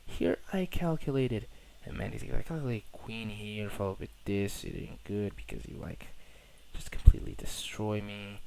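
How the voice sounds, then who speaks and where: A man's voice: lowish voice, normal speed, vocal fry, low-quality recording. A young man from Portugal casually talking through his own chess game, rambling, self-correcting and slangy, on a cheap mic. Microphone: poor-quality microphone. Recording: cheap mic with loud noise.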